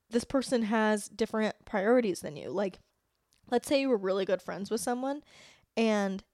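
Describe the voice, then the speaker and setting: A woman's voice: medium pitch, a little mellow, no echo. Brief: young woman podcast host, casual solo rant, blunt and profane, dry close mic. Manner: blunt, profane, lots of "like" fillers.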